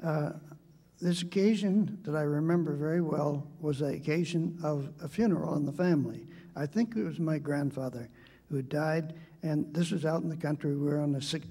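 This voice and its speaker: This older man speaks in a gravelly, husky voice that sits a little high for a man. His tone is mellow and soft-edged. He recalls his boyhood slowly at a debate, pausing often and restarting his sentences as he goes. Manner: halting, with frequent hesitations and restarts. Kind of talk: reflective storytelling in a debate speech.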